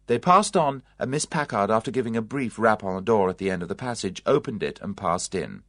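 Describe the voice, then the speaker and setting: An audiobook narrator reading a story in an expressive storytelling manner. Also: mid-range voice, fairly quick, few pauses, no room sound, studio quality.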